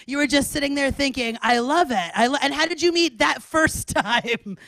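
A woman in her thirties hosting a live club show, loud and excitable, often laughing and chatting with the crowd. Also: sits high, moderate pace, vocal fry, no room sound. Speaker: comedian host. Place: small club, indoors.

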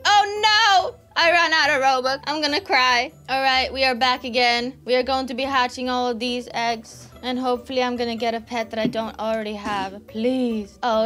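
A woman doing excited gameplay commentary, gushing over cute pets and pleading for rare ones. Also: fairly high pitch. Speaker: gaming YouTuber. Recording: faint background music.

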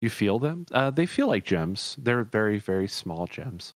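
Game master, male, low voice, dry close sound, rambling descriptions that correct themselves. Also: very animated, measured pace, no echo. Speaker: dungeon master. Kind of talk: narrating a tabletop game.

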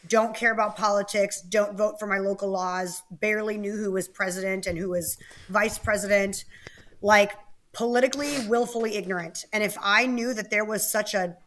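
A woman's voice: mid-range voice, steady tone, normal speed, a bit bright. Brief: woman interview guest, bubbly, candid, mid-range voice. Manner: bubbly, candid, laughs often. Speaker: guest, activist and author. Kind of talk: casual interview talk.

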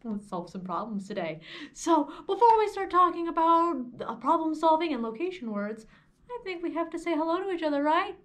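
Sing-song, high-pitched woman librarian. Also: sing-song, fairly quick, a bit bright. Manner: cheerful sing-song teacher voice, playful pitch games. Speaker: children's librarian. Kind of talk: kindergarten lesson for children. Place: library program recording.

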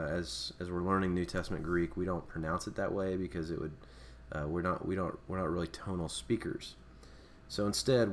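In a recorded lesson on the Greek alphabet, a low-voiced man explains things off the cuff, full of fillers and restarts. Slight background noise can be heard.

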